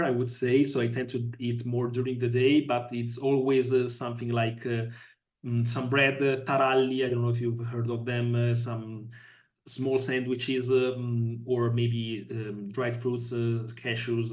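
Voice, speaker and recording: A man's voice: medium pitch, a little mellow. Hesitant Italian man, dull audio. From Italy. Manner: hesitant, many fillers, searches for words. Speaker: podcast guest. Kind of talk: casual interview.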